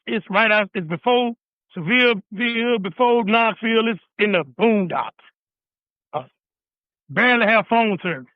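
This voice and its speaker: A man's voice: high voice, unhurried, no room sound. A laid-back man, a guest chef talking casually over the phone while driving in his car, often saying "man". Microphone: phone call. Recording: dry tinny phone line.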